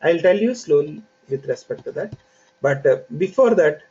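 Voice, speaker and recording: A man teaching an online software training class, explaining concepts step by step in an unhurried way with frequent fillers. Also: on the high side, animated, husky. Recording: dull lo-fi audio with faint hiss.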